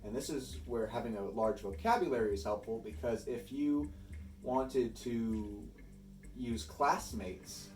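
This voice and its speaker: A man's voice: medium pitch, a little mellow, roomy sound. Man teaching poetry from a distance. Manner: patient, methodical, with small restarts. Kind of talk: explanatory lesson.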